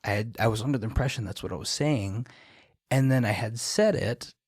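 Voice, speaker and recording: A man's voice: mid-range voice, a little fast, darkish tone, no room sound, clean studio sound. A young man, a barber guest on a podcast, chatting casually and telling rambling stories full of fillers. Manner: rambling storyteller, many "like" fillers. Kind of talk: casual chat.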